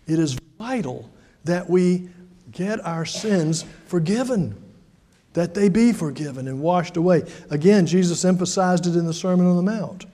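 Male preacher, high and warm-toned, conversational storyteller with dramatic loud-soft swings; reverberant hall. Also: animated, normal speed. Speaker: pastor. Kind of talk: sermon.

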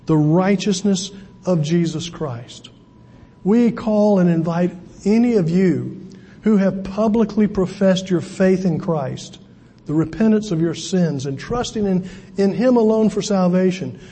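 A man's voice: sits high, warm tone, slightly rough. A man preaching a sermon as pastor, talking conversationally with asides and repeated words. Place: church sanctuary. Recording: long hall reverb.

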